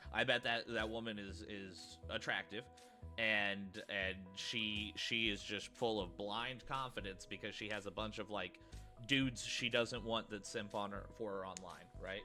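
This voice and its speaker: Bright-voiced stammering man ranting. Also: on the low side. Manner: stammering, repeats words, rants. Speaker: reaction commentator. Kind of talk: ranting reaction commentary.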